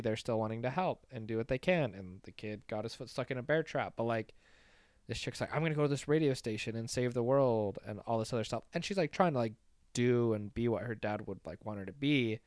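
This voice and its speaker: A man's voice: medium pitch, no room sound, clean studio sound. A man hosting a film podcast in casual chat, hesitant and full of fillers, asking his co-hosts questions. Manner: hesitant, filler-heavy, asks the others questions.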